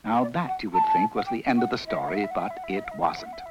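A man narrating a children's story in a lively, playful way. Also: mid-range voice, normal speed, rough recording. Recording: loud music behind the voice.

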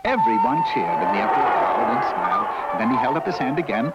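A man narrating a children's storybook with a lively, playful telling. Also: mid-range voice, a little fast, dull audio, heavy background noise.

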